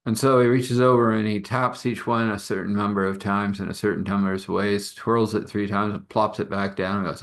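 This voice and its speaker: Low-voiced man telling a rambling story. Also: little pitch movement, a little fast, few pauses. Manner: rambling, loose and conversational with fillers. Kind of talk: improvised spoken storytelling.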